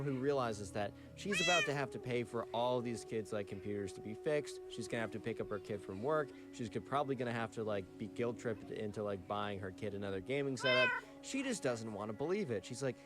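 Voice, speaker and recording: Guy telling a story casually, lots of likes and rights, music playing under him. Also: medium pitch. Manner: chatty, fillers like "like" and "right". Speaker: storytelling channel narrator.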